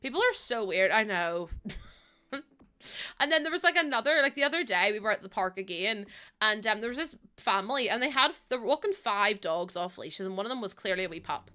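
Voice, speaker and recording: A woman's voice: mid-range voice, animated, fairly quick, bright, forceful tone. A woman streaming from home into a desk microphone, chatting casually in a rambling storytelling way with lots of fillers. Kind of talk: casual live-stream chat while playing a game.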